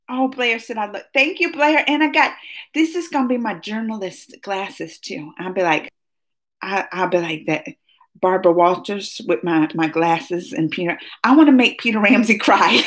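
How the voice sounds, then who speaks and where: A woman hosting a casual live chat with her viewers, excitable and talkative, laughing often as she chats at home. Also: high voice. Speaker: livestream host. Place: at home, just woken up.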